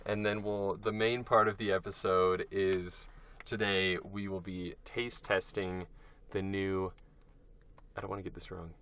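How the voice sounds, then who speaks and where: A young man co-hosting a podcast in casual chat, steering the episode and talking in halting bits with restarts. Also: low voice, flat delivery, fairly bright tone. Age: young adult. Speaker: podcast co-host.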